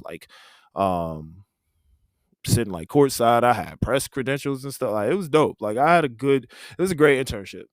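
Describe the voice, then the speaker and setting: A man's voice: on the low side, dry recording, studio quality. Laid-back man telling a story. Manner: conversational, laid-back, many "like" fillers, laughs while telling. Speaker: podcast host. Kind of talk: casual storytelling.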